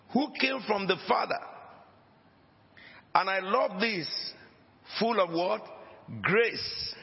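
A man preaching a sermon as pastor, emphatic, with dramatic rises and drops in his voice. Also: sits high. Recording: dull lo-fi recording with long hall reverb.

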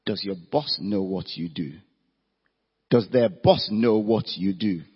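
A man's voice: on the low side, unhurried, husky. A man giving an evening seminar talk with slides, firing rhetorical questions at his audience and stressing his points. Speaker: career talk speaker. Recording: echoey hall, dull lo-fi sound.

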